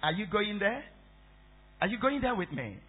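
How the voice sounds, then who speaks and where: Preacher guy with a high animated voice, kinda husky, keeps repeating stuff and asking the crowd questions, sounds like a phone line. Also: normal speed. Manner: repetitive, quizzes the congregation with questions. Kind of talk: Bible-study sermon. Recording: tinny phone-like recording.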